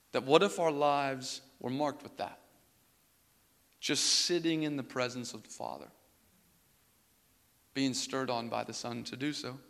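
A man's voice: a little high, a bit bright. A man preaching an earnest sermon as pastor, repeating phrases and building to emphatic peaks before closing in prayer. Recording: long reverb of a church hall.

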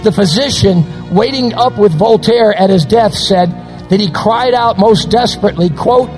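A male pastor preaching a sermon, dramatic and slowing down for quotations. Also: sits high, darkish tone, long reverb tail, faint music behind, rough recording. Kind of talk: recorded sermon on radio.

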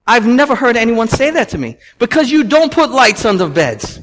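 A young man, a pastor preaching a sermon, telling stories with swings from loud to hushed. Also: extremely high pitch, sing-song, moderate pace, few pauses. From Massachusetts.

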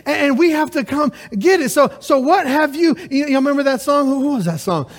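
A man preaching a lively sermon at a church service, calling out to the congregation with rhetorical questions. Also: extremely high pitch, a little fast, few pauses.

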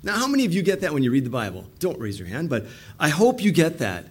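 A middle-aged man preaching from the pulpit with real animation, his fairly high voice swooping up and down as he acts out the people in his text. He drives each point home to his congregation. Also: huge pitch swings, fast, slightly rough. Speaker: pastor. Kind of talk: sermon.

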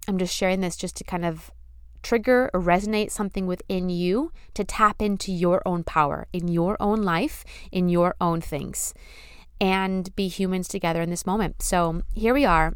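A woman's voice: fairly low pitch, clear, resonant tone, no echo, clean studio sound. A young adult woman hosting her own podcast, talking in a casual, earnest, effusive way and repeating phrases for emphasis. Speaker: podcast host. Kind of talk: casual spiritual podcast monologue.

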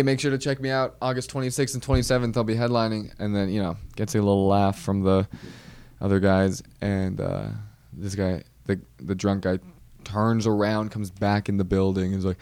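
A man's voice: on the low side, steady tone, normal speed, a little mellow, smooth, dry recording. A comedian hosting his podcast, telling a story in a wry, rambling way and often breaking off mid-sentence. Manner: rambling, self-interrupting, wry. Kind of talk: casual storytelling monologue.

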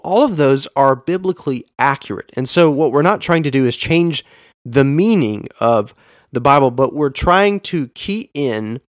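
A man's voice: medium pitch, dry recording, clean studio sound. A man teaching a Bible lesson, reading verses aloud with shifting stress and asking his listeners rhetorical questions.

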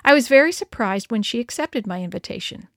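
A woman's voice: a little high, brisk, dry recording, studio quality. Woman reading a story aloud. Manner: expressive, lively dialogue. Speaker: narrator.

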